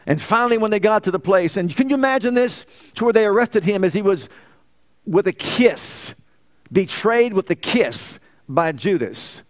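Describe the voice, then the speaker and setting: A man's voice: high-pitched, animated, moderate pace. A male pastor preaching a fervent sermon full of rhetorical questions and exclamations.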